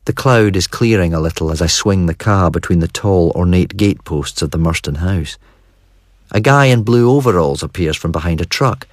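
Man, audiobook narrator, very deep voice, husky, dry close studio sound. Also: animated, normal speed, no room sound. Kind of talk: scripted first-person narration.

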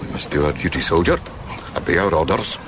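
A man's voice: deep voice, expressive, a little fast, background noise. A man playing a stern, dismissive officer of the guard who gives commands.

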